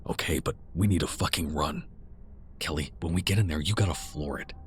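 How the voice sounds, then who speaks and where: A man voicing a pragmatic young man in a horror story, speaking low and measured. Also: a little hiss or hum. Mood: tense.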